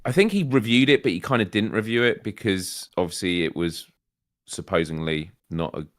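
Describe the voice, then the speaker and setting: A man's voice: deep voice, animated, normal speed, no echo, studio quality. A man co-hosting a casual gaming livestream, easygoing and playful, often trailing off mid-sentence. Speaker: co-host.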